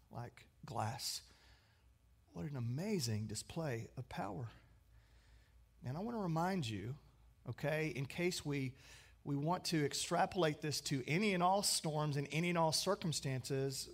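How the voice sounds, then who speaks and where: Man preaching a sermon, kinda high voice, goes loud then real hushed. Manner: dynamic preaching, swinging from emphatic to hushed. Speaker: pastor.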